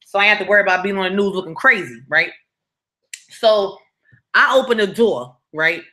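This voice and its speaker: A woman hosting her channel's live story-time stream tells a personal story in an animated, blunt, profane way, often checking in with "right?". She speaks at medium pitch and a moderate pace.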